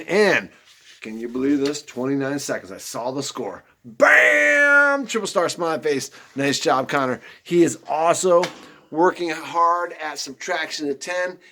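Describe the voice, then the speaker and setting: Upbeat man teaching young kids. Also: a little high. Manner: upbeat and encouraging, calling out pupils by name; slow, soft guided breathing. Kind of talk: video lesson to young pupils.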